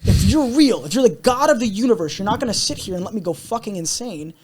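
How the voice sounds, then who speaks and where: A man's voice: high voice, expressive, fast talker, darkish tone, slightly rough. A young man telling a personal story in a candid, intense, earnest way, as a podcast guest. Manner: intense, earnest, repeats himself.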